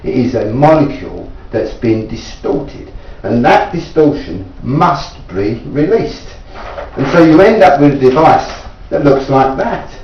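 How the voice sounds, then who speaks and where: A man from England, a self-taught inventor, earnestly explaining his device and insistently challenging viewers to prove it wrong, rising in pitch as he pleads. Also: expressive, measured pace, a little hiss or hum. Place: indoors at home. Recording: echoey room, distant mic, dull lo-fi sound.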